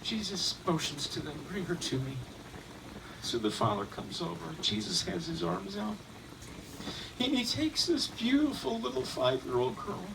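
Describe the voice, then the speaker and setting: A man's voice: fairly high pitch, very animated, gravelly, background noise. Man telling an eyewitness story, distant mic. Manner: halting, with restarts and repeated words. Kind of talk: dramatic first-person eyewitness retelling. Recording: distant mic, faint room ambience.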